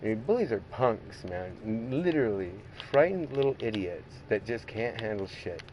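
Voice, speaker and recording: A man's voice: on the low side, expressive, normal speed, noisy background. A man chatting casually while streaming a racing game, rambling, swearing heavily and laughing often. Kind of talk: casual gaming stream chat.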